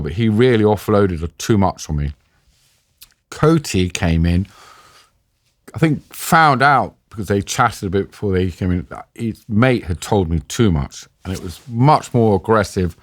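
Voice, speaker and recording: A middle-aged man with a London accent, a podcast guest recounting a story intensely, with halting restarts and voiced quotes. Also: on the low side, lively intonation, no echo. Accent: London English. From England. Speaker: interview guest. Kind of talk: emotional storytelling in a podcast interview.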